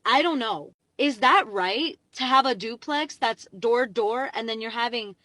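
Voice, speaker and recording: A young woman telling a storytime vlog into her phone from her parked car, rambling and excitable, packing her talk with "like". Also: on the high side, unhurried, dry recording, low-quality recording. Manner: chatty, rambling, heavy "like" fillers, excitable. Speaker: vlogger.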